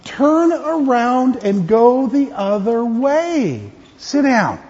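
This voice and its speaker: A man's voice: extremely high pitch, big pitch swings, very slow. A man, a pastor, giving a playful, interactive children's sermon in a church. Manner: playful, interactive, gently teaching. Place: church sanctuary. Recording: echoey church hall, dull lo-fi.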